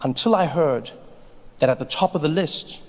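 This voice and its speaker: A male stand-up comedian telling an animated, playful story to a live audience on a large theater stage. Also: on the high side, normal speed, long reverb tail. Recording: live theater, crowd laughter.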